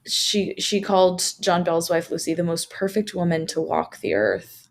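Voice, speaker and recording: Low-voiced woman telling a legend. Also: fairly even intonation, moderate pace, creaky, slight background noise. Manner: reads notes, then adds casual asides with fillers. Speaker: podcast co-host. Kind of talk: casual storytelling of local legends.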